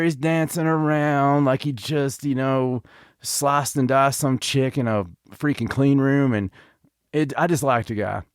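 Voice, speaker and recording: A man hosting a podcast, reviewing wrestling in casual chat with an animated, joking, ranting manner. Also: mid-range voice, clean tone, no room sound, studio quality. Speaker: podcast host.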